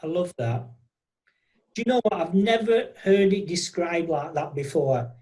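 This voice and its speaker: A podcast host, chatting enthusiastically and animatedly in quick bursts. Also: mid-range voice, animated, mellow. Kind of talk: casual interview chat.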